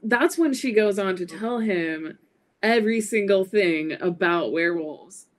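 A woman's voice: medium pitch, animated, measured pace. A woman joins a casual chat about an old movie. She teases the others and laughs a lot.

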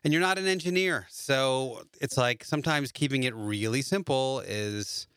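A man hosting a podcast in casual chat, telling relaxed anecdotes with a few hesitant fillers. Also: medium pitch, normal speed, clean tone, no room sound, studio quality. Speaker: podcast host.

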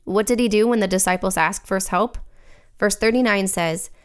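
A woman's voice: mid-range voice, moderate pace, clean tone. A woman giving an earnest, reflective scripted devotional reading. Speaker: devotional speaker.

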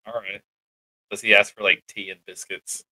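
A man co-hosting a podcast, chatting casually with playful, deadpan jokes. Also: fairly low pitch, normal speed, low-quality recording. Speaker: podcast co-host. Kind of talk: casual chat.

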